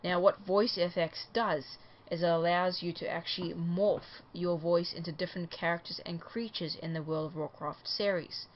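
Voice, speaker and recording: A woman with a slightly low voice talks through a product demo in a relaxed, casual way, leaning on fillers. The sound is dull and lo-fi, like a headset mic. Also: normal speed, hardly any pauses, slight background noise. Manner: relaxed, filler-heavy explaining. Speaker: product reviewer.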